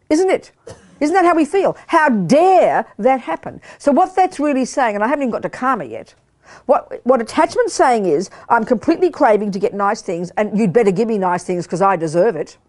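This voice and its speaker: A woman's voice: fairly high pitch, a little mellow. An older woman giving a Buddhist teaching to a study group, emphatic and full of rhetorical questions to the audience. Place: meditation hall in a study center.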